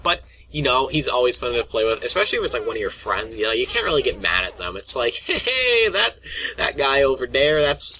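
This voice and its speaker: A man's voice: medium pitch, pushed and bright, a little hiss or hum. A young man rambling casually to his viewers about annoying players, full of fillers, restarts and mock voices. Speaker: gaming vlogger. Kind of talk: casual rant to camera.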